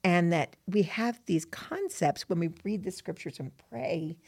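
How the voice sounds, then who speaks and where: A middle-aged woman chats through a scripture lesson, her voice carrying a gravelly edge. She tells stories with animation and slips into a steady, measured cadence when she recites verse. The recording is dry and close. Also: on the low side, dry recording. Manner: animated storyteller who reads a poem with steady, measured delivery. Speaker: podcast co-host. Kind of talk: casual gospel-lesson chat and poem recitation.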